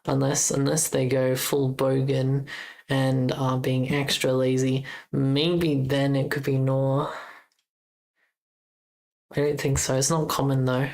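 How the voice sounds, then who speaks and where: A woman's voice: rumbling low, little pitch movement, slow pace, vocal fry, a little mellow, rough recording. A young Australian woman with an Australian accent, chatting casually on a livestream while she codes, thinking aloud and correcting herself. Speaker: game jam streamer.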